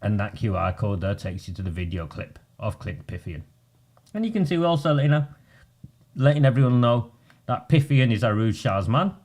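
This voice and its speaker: A man's voice: on the low side, a little mellow. A man, a local campaigner talking bluntly and combatively in a casual video.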